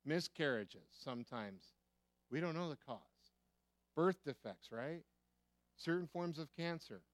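Smooth-voiced American preacher man. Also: on the high side, lively intonation, measured pace, dry recording. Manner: emphatic, repeats key phrases, asks rhetorical questions. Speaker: pastor. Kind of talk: sermon.

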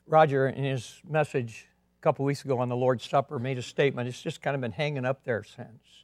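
A man preaching a sermon as a pastor, earnest, swinging between emphatic and quiet delivery. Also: medium pitch, steady tone, fairly quick, no echo, clean studio sound.

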